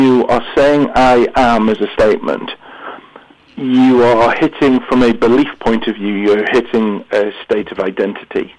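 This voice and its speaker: A man's voice: medium pitch, fairly even intonation, measured pace, darkish tone, low-quality recording. A British man from the UK, a guest calling in to a radio show, who talks earnestly and often restarts his words. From United Kingdom. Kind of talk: interview on mindset. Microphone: phone or remote line.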